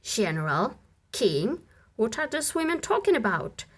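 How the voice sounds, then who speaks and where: A troubled warrior general, uneasy and doubting, firing off anxious questions. A woman reads him in a storybook, her voice animated and slow-paced. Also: a little high, husky, full character voice.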